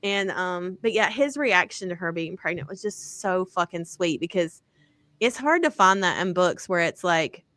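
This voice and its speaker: A woman's voice: on the low side, expressive, moderate pace, a bit bright. A woman co-hosting a podcast, chatting casually about romance books, with lots of fillers and casual swearing. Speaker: podcast co-host.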